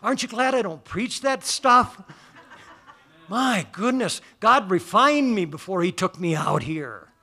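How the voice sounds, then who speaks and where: A man's voice: high-pitched, lively intonation, a little slow. A man preaching a folksy, emphatic sermon in a church. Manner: folksy, emphatic, rising to loud declarations.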